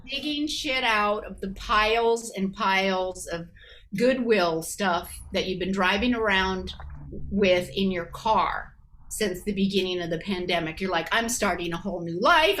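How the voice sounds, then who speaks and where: Woman comic, bright voice, rambling self-deprecating stand-up, video call from home. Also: fairly high pitch, a little hiss or hum. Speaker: comedian. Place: her apartment.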